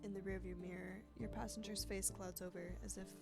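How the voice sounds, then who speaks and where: A woman streamer reading a story game's text aloud in a casual way, adding quick reactions, with game music behind. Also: medium pitch, level tone. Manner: casual, adds quick reactions between lines. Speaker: let's play streamer.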